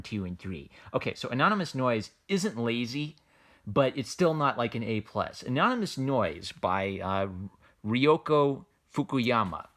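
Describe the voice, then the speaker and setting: A man's voice: mid-range voice, a bit bright. Rambling man reviewing comics casually. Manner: rambling, lots of fillers like "like" and "uh", frequent restarts, amused. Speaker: manga reviewer.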